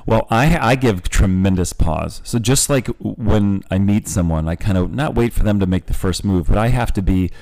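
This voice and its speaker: Very deep-voiced man, candid podcast talk. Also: normal speed, few pauses, darkish tone. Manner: candid, thoughtful, talks in long winding sentences. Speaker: podcast co-host. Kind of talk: casual podcast chat.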